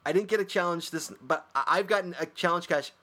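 Fast-talking rambling male podcast host. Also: sits high. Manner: rambling, animated, swears casually. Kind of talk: casual chat.

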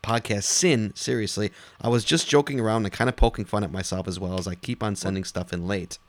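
A man's voice: on the low side, fairly even intonation, brisk, dry recording. A man co-hosting a casual podcast, reading listener emails aloud and laughing often. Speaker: podcast co-host.

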